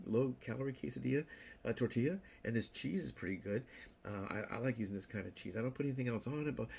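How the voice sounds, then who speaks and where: A man's voice: on the low side, vocal fry, a little mellow, a little hiss or hum. An older man talking casually to camera as a vlogger, rambling and repeating himself, playfully acting out little quoted voices. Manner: rambling, repeats words and restarts often. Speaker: YouTube vlogger.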